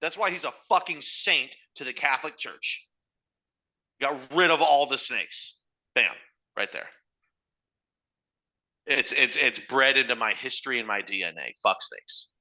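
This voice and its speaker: A man rants loudly on a podcast, swearing freely as he goes. His voice is very bright and sharp-edged. His pitch sits in the middle of the male range. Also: unhurried, long pauses. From Ireland. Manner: loud, profane, ranting. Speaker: podcast co-host. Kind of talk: casual profane banter.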